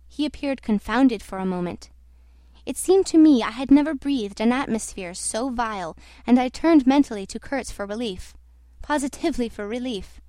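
A woman reading a novel aloud in a measured, reflective narrating voice. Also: a little high, animated, warm tone, dry recording, clean studio sound. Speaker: audiobook reader. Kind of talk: literary narration.

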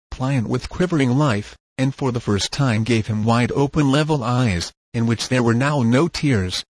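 Brief: male audiobook narrator, husky, dry close mic, steady measured reading. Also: mid-range voice, dry recording, poor audio. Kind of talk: scripted narration.

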